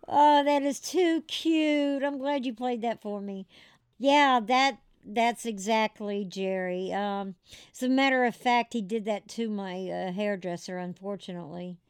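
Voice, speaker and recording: Brief: woman interview guest, animated storyteller, smooth clear voice, dry close sound. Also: medium pitch, measured pace, dry recording. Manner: animated, laughs as she tells it.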